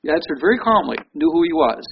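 A man's voice: a little high, animated, quick pace, breathy edge, highs cut off. A man preaching a sermon in a conversational way, reading scripture aloud. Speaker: pastor.

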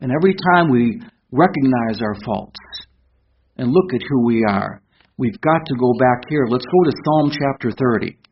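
An older man preaching a sermon who turns loud and fervent when he reads scripture. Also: mid-range voice, lively intonation, moderate pace. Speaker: pastor. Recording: dull lo-fi recording with faint hiss.

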